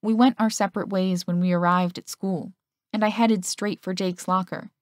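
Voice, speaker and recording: A woman narrating a first-person romance audiobook in a steady storytelling manner. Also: medium pitch, moderate pace, no echo, clean studio sound.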